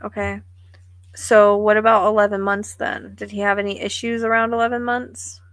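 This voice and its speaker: A woman's voice: mid-range voice, flat delivery, moderate pace, fairly bright tone, dry recording. A woman psychic medium giving a live reading, thinking aloud in a musing, tentative way.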